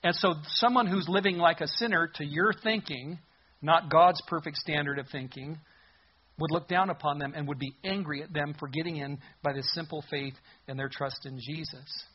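A man preaching with a husky, somewhat high voice, lively and animated, acting out the voices in the passage. The recording sounds a little dull and muffled. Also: moderate pace. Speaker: pastor. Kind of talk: sermon.

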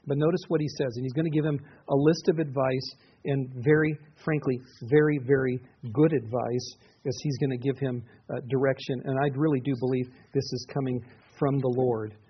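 This pastor, a middle-aged man, delivers an earnest sermon in a talky style, repeatedly beginning his sentences again. He speaks briskly at medium pitch, steady in tone and slightly rough, on a dull, muffled lo-fi recording.

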